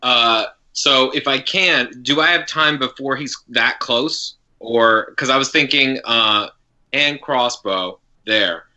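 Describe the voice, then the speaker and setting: A man's voice: medium pitch, takes it slowly, sharp tone, rough recording. A man playing in a tabletop game, asking questions hesitantly and casually. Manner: hesitant, asks rule questions. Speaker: player.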